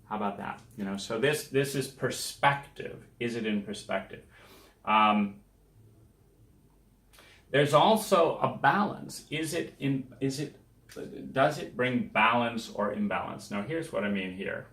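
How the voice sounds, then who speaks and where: A man's voice: mid-range voice, a little slow, fairly bright tone. A man hosting a self-help podcast, talking through examples in a conversational, emphatic way and acting out the people he quotes. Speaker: podcast host. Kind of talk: reflective self-help monologue. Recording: echoey room.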